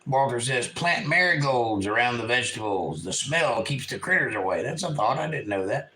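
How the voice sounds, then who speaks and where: A man's voice: medium pitch, animated, normal speed, pushed and bright, slight background noise, low-quality recording. A man from eastern North Carolina with a Southern accent, hosting a casual livestream at home and reading chat messages aloud in a folksy way.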